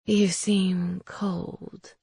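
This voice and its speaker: Creepy old crone as read by a woman, slow low whisper, close dry mic. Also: little pitch movement, creaky, dark tone, slightly rough, no room sound, heavily acted. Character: frail ancient witch crone, eerie, knowing. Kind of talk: audiobook character voice.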